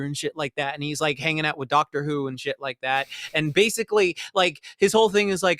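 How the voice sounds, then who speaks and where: Casual podcast host, male, slightly high voice, profane and rambling, dry close sound. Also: brisk, few pauses, clear, resonant tone, dry recording. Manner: profane, rambling, animated retelling with mocking quoted voices. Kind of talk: casual movie review chat.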